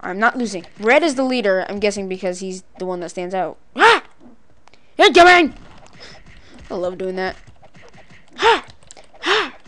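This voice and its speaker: A woman giving playful, excitable let's-play commentary, letting out cartoonish battle cries and laughs as she fights. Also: medium pitch, fast, hardly any pauses. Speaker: gaming video creator.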